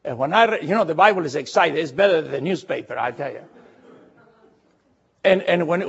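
Husky-voiced man preaching animatedly. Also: a little high, fairly quick, long pauses, highs cut off. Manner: animated storytelling with direct questions to the congregation. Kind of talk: sermon retelling a Bible story.

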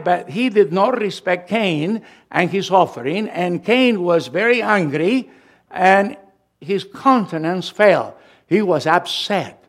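A pastor from Latin America with a Latin American Spanish accent, preaching a sermon with emphatic, slowed phrases. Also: male voice, sits high.

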